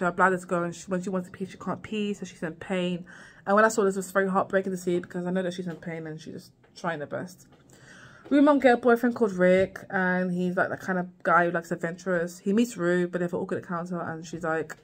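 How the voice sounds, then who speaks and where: Chatty woman rambling through a recap. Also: lowish voice. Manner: chatty, rambling, with frequent "like" and "girl" asides. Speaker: vlogger reviewing a TV series. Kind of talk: casual chat recap.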